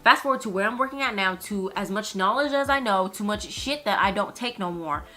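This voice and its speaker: Young woman, from Minnesota, bright forward voice, blunt story-time delivery with swearing. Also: mid-range voice, expressive, brisk, faint music behind. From United States (Minnesota). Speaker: nail technician and vlogger.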